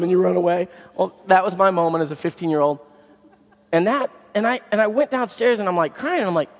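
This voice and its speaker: A man preaching a sermon as the pastor, telling stories with animation and swinging from loud to hushed. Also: high-pitched, quick pace. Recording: long hall reverb.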